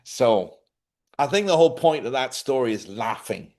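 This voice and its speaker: A man's voice: mid-range voice, animated, normal speed, a little mellow. A middle-aged man, hosting a casual livestream monologue, a chatty storyteller who laughs often and acts out other people's voices. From Ireland. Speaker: livestream host.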